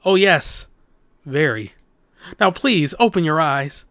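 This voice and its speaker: A man voicing a teary, earnest male deputy who pleads in a hushed, insistent voice. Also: on the high side, lively intonation, slow pace, no room sound, studio quality, heavily acted. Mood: urgent pleading.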